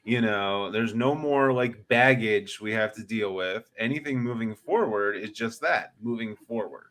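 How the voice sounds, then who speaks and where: Male podcast co-host, relaxed and blunt, slightly low voice. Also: unhurried. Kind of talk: casual chat.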